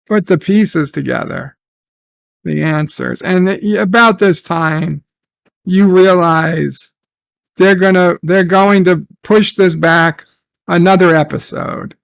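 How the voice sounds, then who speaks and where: A man's voice: high-pitched, steady tone, slow, vocal fry, smooth, dry recording. A man recapping and reviewing a TV episode in casual, sarcastic commentary, swearing and trailing off into restarts.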